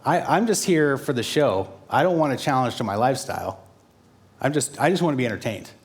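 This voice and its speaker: A man's voice: medium pitch, lively intonation, brisk, natural voice. A man voicing an incredulous, dismissive male bystander in a crowd, retold within a sermon.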